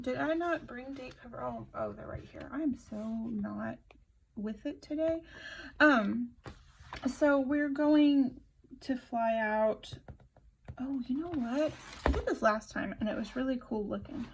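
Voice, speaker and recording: A young woman with a slightly high voice and a gravelly, fry-touched edge rambles animatedly through a story while working on her planner at her desk. She talks casually and interrupts herself often, with a faint hiss and small clicks behind her. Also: low-quality recording. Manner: rambling, animated, many fillers and self-interruptions. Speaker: planner vlogger.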